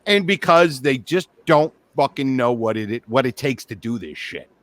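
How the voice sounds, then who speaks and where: A man co-hosting a casual comedy podcast, telling stories in an animated, profane way. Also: medium pitch, normal speed, dry recording. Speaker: comedian co-host.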